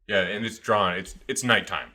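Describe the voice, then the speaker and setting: Husky man with dry quips. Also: lowish voice, fairly even intonation, normal speed, pushed and bright. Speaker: podcast co-host. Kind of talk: casual chat.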